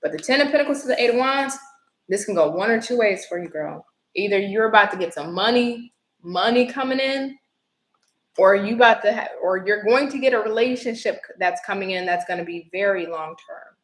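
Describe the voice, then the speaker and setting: A woman's voice: mid-range voice, fairly quick, echoey room, poor audio. Chatty woman reading tarot live. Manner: chatty, expressive, greets viewers by name. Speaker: tarot reader.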